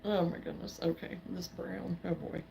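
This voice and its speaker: A woman with a low, gravelly voice chats casually on her crafting livestream. She talks in a halting, unhurried way, stopping and restarting as she answers comments from her viewers. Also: steady tone, mellow, slight background noise. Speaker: livestream host. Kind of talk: casual chat while crocheting.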